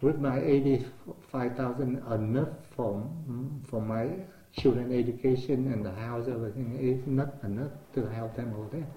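A man's voice: medium pitch, fairly even intonation, normal speed, few pauses, highs cut off. An older man from Vietnam with a Vietnamese accent, speaking English as a second language. He tells his life story in conversation, acting out remembered dialogue and repeating words as he searches for them. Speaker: interviewee. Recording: roomy echo.

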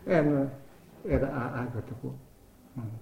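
An older man speaking non-native English with simple grammar, telling his life story as an interviewee in a lively way. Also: medium pitch, unhurried, vocal fry, roomy sound, dull audio, slight background noise. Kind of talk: oral history storytelling.

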